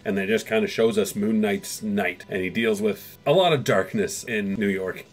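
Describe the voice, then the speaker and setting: A man's voice: lowish voice, soft background music. A man hosting a comics video, recapping old issues in a rambling, casual way and briefly acting out the characters' lines. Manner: rambling, acts out characters' lines in quick asides.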